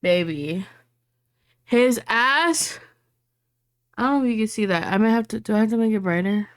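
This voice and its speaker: Young woman, higher voice, casual podcast chat, animated, swears a lot. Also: normal speed. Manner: animated, gossipy storytelling with gasps and swearing. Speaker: podcast co-host.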